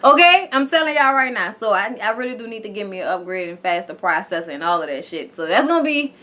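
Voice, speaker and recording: A woman's voice: medium pitch, lively intonation, fast talker, sharp tone. A woman casually recapping a reality show, chatty and profane, tagging her lines with "okay?". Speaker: TV show reviewer.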